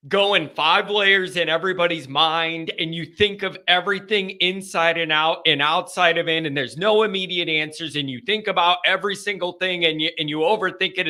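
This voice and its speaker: A man hosting a live call-in show, chatting casually and thinking out loud with many restarts. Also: on the high side. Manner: folksy, talks straight to the chat. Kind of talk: casual live-stream chat.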